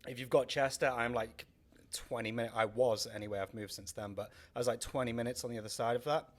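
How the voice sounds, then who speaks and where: A man's voice: medium pitch, fairly even intonation, fast talker. A young man from North Wales with a mixed, faintly Welsh accent, chatting casually on a podcast, rambling with many fillers and restarts. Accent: mixed, faintly Welsh with southern English traces. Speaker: podcast co-host. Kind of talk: casual chat.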